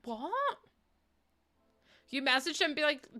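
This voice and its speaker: A young woman streaming live, her voice bright and a touch high. She chats playfully with viewers, rambles from one thought to the next and giggles as she goes, sounding sleepy. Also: a little slow. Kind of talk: casual livestream chat.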